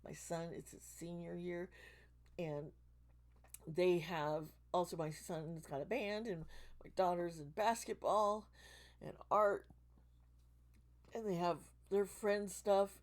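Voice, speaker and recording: A woman in her forties, hoarse from losing her voice, talking casually and emotionally to her channel members, rambling and restarting her sentences. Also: fairly low pitch, steady tone, takes it slowly, pauses often, a little mellow. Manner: rambling, emotional, many restarts, swearing when worked up. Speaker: tarot reader and channel host.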